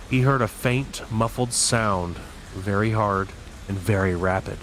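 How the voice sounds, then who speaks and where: A man reading a novel aloud as host of his channel, in a steady, deliberate way with occasional slips. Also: lowish voice, slight background noise. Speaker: audiobook reader.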